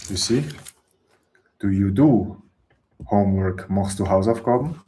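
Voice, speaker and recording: Male teacher, unhurried and patient, low voice. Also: warm tone, a little hiss or hum. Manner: slow, patient explaining with example sentences. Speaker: German teacher. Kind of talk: language lesson.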